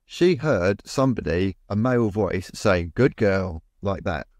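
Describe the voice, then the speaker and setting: Low-voiced man telling a story. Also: expressive, unhurried, a little mellow, dry recording, clean studio sound. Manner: rambling, with many restarts and repeated words. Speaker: co-host and medium. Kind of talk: casual storytelling in a podcast chat.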